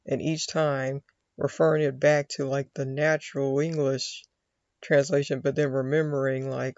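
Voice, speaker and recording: A man's voice: medium pitch, little pitch movement, moderate pace, darkish tone, dry recording, highs cut off. A man from the United States, rambling casually in a monologue and acting out his own inner thoughts. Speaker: vlogger.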